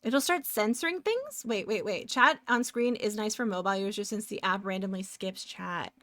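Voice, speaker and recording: A woman's voice: medium pitch, fairly even intonation, moderate pace, a bit bright, no echo. A woman streaming live while she draws pixel art, chatting casually, rambling off on tangents and answering her chat.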